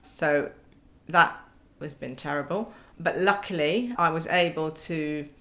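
A woman's voice: low voice, a little slow, fairly bright tone. A woman in her forties chatting as a podcast guest, wry and self-mocking, often laughing as she talks. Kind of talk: casual chat.

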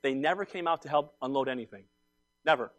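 A man in his fifties preaching a sermon, telling personal stories in an animated, emphatic way that swings from quiet asides to loud outbursts. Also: medium pitch, fast talker. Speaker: pastor.

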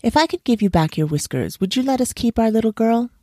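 Woman playing a storybook barber, male, calm, polite, sly, measured, dry recording. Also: fairly high pitch, no room sound, pitched above the performer's own voice.

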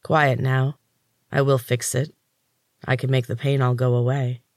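Man doing a cruel soft-spoken captor, gentle yet chilling, slow hissing menace, dry close sound. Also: mid-range voice, level tone, dry recording, natural voice. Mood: softly menacing.

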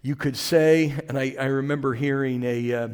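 A man's voice: medium pitch, fairly even intonation, normal speed, a little mellow, smooth. A man preaching a sermon as pastor, talking in a conversational way with asides to the congregation. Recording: long reverb of a large hall.

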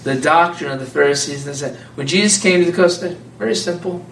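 Man preaching, casual and animated, higher voice, echoey room, heard from a distance, faint room noise. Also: brisk. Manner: conversational, animated, laughs often. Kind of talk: informal sermon to a small group.

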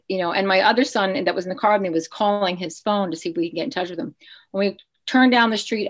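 A woman's voice: medium pitch, a bit bright. Earnest woman telling a hard story. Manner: earnest, emotional, with frequent restarts. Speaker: guest. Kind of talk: personal storytelling in an interview.

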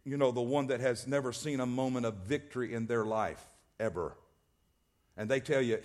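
A man's voice: medium pitch, moderate pace, darkish tone. A male pastor preaching a sermon, emphatic and repetitive, often restarting his words. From American South.

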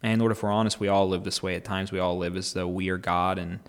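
A man's voice: deep voice, level tone, fast talker, clean tone. Earnest man reading Scripture and praying. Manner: earnest, conversational, prays aloud. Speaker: Bible podcast host. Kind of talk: devotional Bible reading and prayer.

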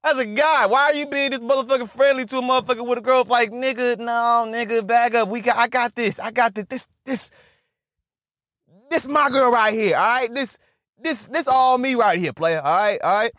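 A man retelling a film plot in casual, profane, animated talk, often stammering and repeating himself. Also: extremely high pitch, normal speed, no room sound, clean studio sound. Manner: animated, repetitive, swears constantly, stammers on restarts. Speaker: movie recap vlogger.

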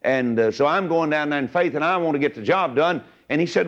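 A man's voice: on the high side, animated, brisk, hardly any pauses. A man preaching a sermon in a folksy storytelling way, acting out the voices of the people in his story. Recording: dull lo-fi recording.

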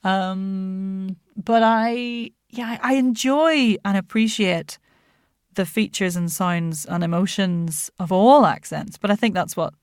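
A woman who is a voice actor and accent coach, chatting as a podcast guest in an animated way, laughing often and using many fillers. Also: mid-range voice, slow pace, clear, resonant tone, dry recording, clean studio sound. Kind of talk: casual interview chat.

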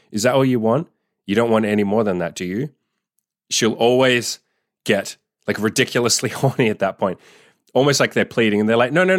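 A man's voice: on the low side, dry recording, studio quality. A man coaching listeners in a blunt, profane, laid-back advice monologue. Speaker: dating and sex coach.

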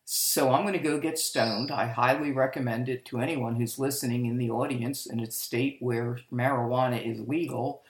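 A woman's voice: very deep voice, fairly even intonation, moderate pace, hardly any pauses, reverberant. An older woman telling her life story in a candid, rambling way, often correcting herself, recorded at home. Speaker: podcast storyteller. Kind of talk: personal life-story monologue.

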